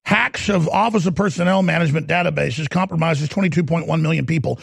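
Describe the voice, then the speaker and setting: A man's voice: fairly high pitch, quick pace, gravelly, slightly rough, dry recording, clean studio sound. A man hosting a political talk show, ranting in a heated, sarcastic way. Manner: ranting, sarcastic, slips into mocking impressions.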